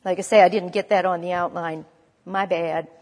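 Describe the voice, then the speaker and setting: A woman's voice: fairly low pitch, steady tone, moderate pace, darkish tone. Woman preaching in an echoing hall. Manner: conversational, with restarts and self-corrections. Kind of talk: sermon.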